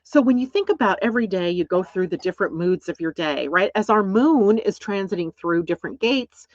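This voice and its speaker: A woman's voice: mid-range voice, animated, a little fast, no echo. Woman explaining astrology in a dull, dry recording. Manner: reflective, often checks in with "right?". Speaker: astrology teacher. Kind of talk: casual explanatory talk.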